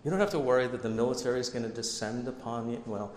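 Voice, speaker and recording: A man with a medium-pitched, darkish voice talks fast as he preaches a sermon as pastor, keeping it conversational and tossing in self-deprecating asides. The recording is from an echoey hall with long reverb, faint ambience and slight background noise.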